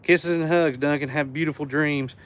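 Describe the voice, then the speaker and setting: A man with a Southern US accent hosting a casual livestream from home, reading viewer comments and speaking gently to his dog. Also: fairly high pitch, fairly even intonation, normal speed. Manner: easygoing, drops to a hushed murmur around his dog. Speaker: livestream host. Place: home room indoors.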